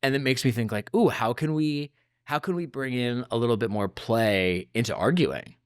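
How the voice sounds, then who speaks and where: A man's voice: medium pitch, normal speed, clean tone, no echo, clean studio sound. A man hosting a podcast, asking reflective questions in a casual, chatty way. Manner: warm, reflective questioning with filler "like". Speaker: podcast host.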